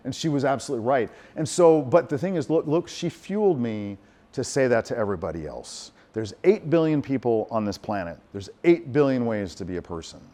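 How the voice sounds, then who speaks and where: A middle-aged man, a composer giving a lecture, telling stories in a lively, animated way, acting out quotes and restarting his sentences. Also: mid-range voice, brisk. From United States. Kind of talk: lecture with audience Q&A.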